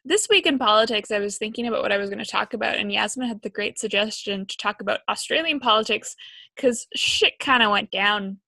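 A woman's voice: medium pitch, fairly quick, creaky, sharp tone, dry recording, soft background music. A young woman co-hosting a podcast, chatting and explaining things in a casual, self-deprecating way. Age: young adult. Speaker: podcast co-host.

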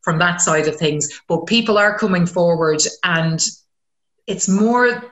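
A woman's voice: lowish voice, measured pace, reverberant, dull audio. A woman, a community counsellor talking frankly in casual chat and swearing when she gets worked up. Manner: frank and animated, swears freely.

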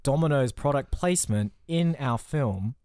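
A man's voice: medium pitch, animated, moderate pace, a little mellow, dry recording. A man riffing in a casual comedy chat, rambling and playful with easy laughter. His voice sits in the middle range for a man. The sound is dry and close with no room around it.

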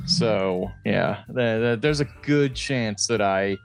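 A man's voice: fairly low pitch, extremely slow, vocal fry, faint music behind. A middle-aged man co-hosting a podcast, telling rambling, self-deprecating stories in casual chat. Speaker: podcast co-host.

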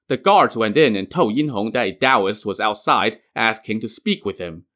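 A man narrating a classic novel in an even, plain-spoken way as a storyteller. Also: lowish voice, normal speed, hardly any pauses.

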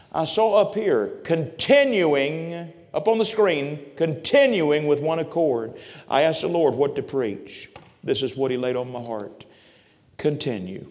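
A man preaching a sermon from the pulpit, fervent, moving from quiet asides to loud exhortation. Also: mid-range voice. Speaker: traveling preacher. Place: church sanctuary at the pulpit. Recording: church hall reverb.

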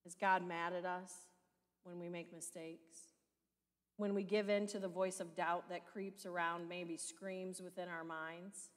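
A woman's voice: lowish voice, flat delivery, a little slow. A woman pastor with a Midwestern American accent, preaching a sermon in a conversational style full of rhetorical questions. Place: church sanctuary. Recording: long church reverb.

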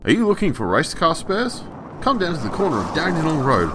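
Wrecker yard ad announcer, done by a man, lively pitch swings, loud noise behind, distant. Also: brisk. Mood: hard-sell. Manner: hard-sell radio ad delivery.

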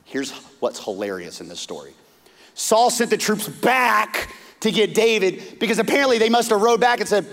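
Animated preacher in a reverberant hall. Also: male voice, normal speed. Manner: animated storytelling, acting out characters with big pitch swings. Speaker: pastor. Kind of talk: sermon.

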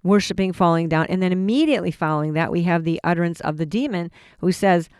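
A man's voice: high voice, quick pace, a little mellow, smooth, no echo, clean studio sound. A man giving an informal Bible teaching sermon, earnest and conversational, often restarting his phrases. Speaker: preacher.

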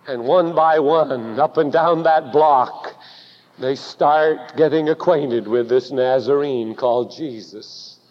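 Slow dramatic preacher in a reverberant hall. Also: male voice, a little high. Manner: dramatic storytelling, swings to loud emphatic peaks. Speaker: pastor. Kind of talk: sermon. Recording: dull recording with long hall reverb.

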